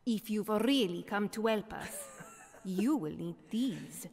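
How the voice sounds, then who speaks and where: A woman's voice: mid-range voice, expressive, takes it slowly, a little mellow, breathy edge, in a large hall, full character voice. An actress playing a stern female resistance leader in a video game, speaking with a heavy Italian accent. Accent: heavy put-on Italian.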